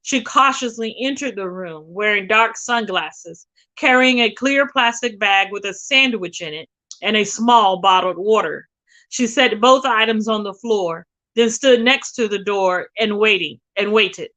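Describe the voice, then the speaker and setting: A woman reading a novel aloud with expressive, dramatic storytelling. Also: medium pitch, measured pace, low-quality recording. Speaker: reader.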